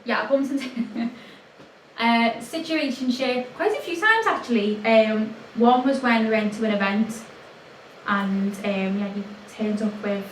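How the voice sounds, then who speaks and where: A young woman co-hosting a podcast, telling stories in casual chat, animated and laughing often, jumping her voice up when she quotes people. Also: a little high, measured pace. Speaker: podcast co-host. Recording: echoey room, mic at a distance, faint noise.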